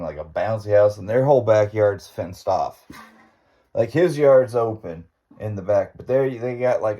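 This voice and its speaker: A podcast host tells a story in an off-the-cuff monologue, rambling and laughing as he goes. His voice is fairly low in pitch with a dark tone.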